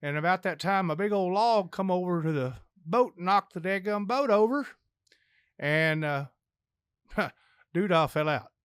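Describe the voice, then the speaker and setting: A man's voice: high voice, expressive, measured pace, a bit bright, smooth, dry recording, clean studio sound. An older man, a podcast guest, telling long folksy jokes in a rambling storyteller's way.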